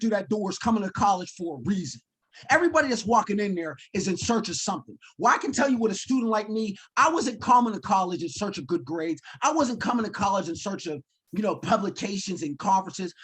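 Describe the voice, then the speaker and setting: In his forties, the keynote speaker narrates his life in a lively way, playing out the things he said. His voice is high with a breathy edge.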